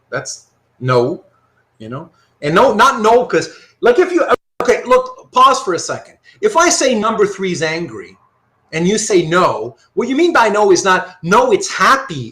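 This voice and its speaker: A man teaching a live online philosophy class, working through examples out loud and often checking that his students follow. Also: high-pitched. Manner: animated, thinks aloud with frequent rhetorical checks. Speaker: philosophy lecturer.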